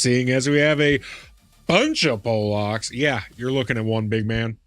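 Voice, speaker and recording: A man's voice: medium pitch, expressive, normal speed, dry recording, soft background music. Chummy male streamer, dry close mic. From Midwest US. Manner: chummy, calls chat "big man", hypes up viewers. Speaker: game streamer. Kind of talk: casual live-stream chat while gaming.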